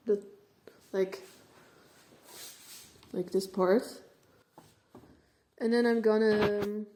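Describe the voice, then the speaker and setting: Chatty young Dutch woman, mellow voice. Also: medium pitch. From Netherlands. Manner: chatty, filler-heavy, laughs often. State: out of breath. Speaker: portrait painter. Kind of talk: casual studio vlog.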